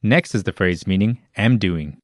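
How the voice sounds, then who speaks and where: A man with a very low voice narrates a language lesson in an even, explanatory tone, introducing each phrase and its parts. His voice is recorded close and dry. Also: moderate pace, dry recording. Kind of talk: scripted instructional narration.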